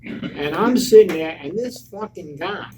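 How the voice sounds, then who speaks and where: An older man telling stories on a live convention panel in a blunt, profane, animated way. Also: high voice, unhurried, slight background noise, poor audio. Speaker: panel guest.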